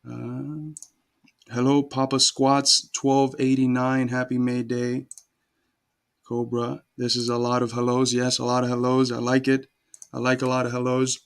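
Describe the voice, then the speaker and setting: A man's voice: medium pitch, completely flat delivery, a little slow. A man hosting a casual livestream, greeting viewers from the chat by name one after another and then explaining a holiday. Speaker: livestream host.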